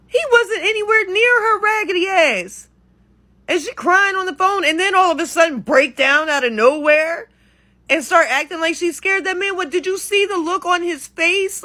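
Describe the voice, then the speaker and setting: A woman's voice: sits high, sharp tone. A woman in a reaction video, ranting with heated exasperation and plenty of profanity. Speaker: content creator.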